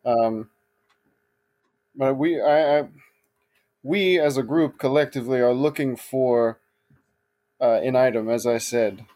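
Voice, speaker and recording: A man's voice: mid-range voice, slow, long pauses, mellow. A man playing a tabletop game on a stream, describing his character with many ums. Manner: hesitant, with ums and likes. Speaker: player.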